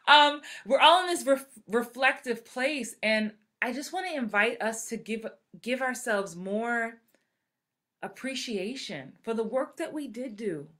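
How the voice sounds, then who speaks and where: Acting coach, woman, 40s, bright and animated, live talk. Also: a little high, unhurried. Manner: animated, acts out quoted voices. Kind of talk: live-streamed motivational talk.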